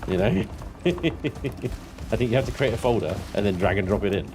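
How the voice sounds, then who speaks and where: A man's voice: lowish voice, sing-song, moderate pace, music in the background. A man in his thirties, chatting casually and swearing freely as he streams a game and answers chat. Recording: clear background noise.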